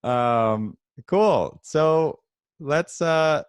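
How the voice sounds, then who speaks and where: A man's voice: a little high, lively intonation, extremely slow, clear, resonant tone, no echo, studio quality. A man hosting a casual livestream interview over a video call, upbeat and a little scattered as he sets things up. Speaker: host.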